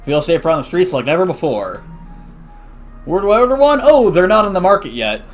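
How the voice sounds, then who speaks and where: Pushy, overexcited male ad announcer, voiced by a man; high and lively delivery over faint game music. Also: fast talker, close to an everyday voice. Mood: hyped salesy. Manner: loud, salesy, exaggerated emphasis.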